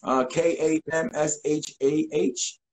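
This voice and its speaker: A man in his forties, a guest in a casual interview, telling stories in an animated way and acting out quotes. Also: fairly high pitch, takes it slowly, rough recording. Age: 40s. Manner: animated, acts out voices and quotes.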